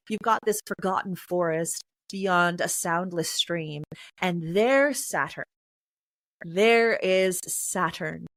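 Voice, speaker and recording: A woman guest in an interview, explaining in a chatty, animated way with many filler phrases. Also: lowish voice, dry recording, low-quality recording. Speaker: poetry reader and performer, interview guest.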